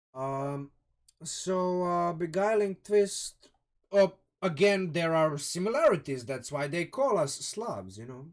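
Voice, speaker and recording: A man from Croatia casually reviewing a game rulebook live, thinking aloud with many restarts and chatty asides to his viewers. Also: on the high side. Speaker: streamer reviewing a game sourcebook. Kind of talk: live-stream casual commentary.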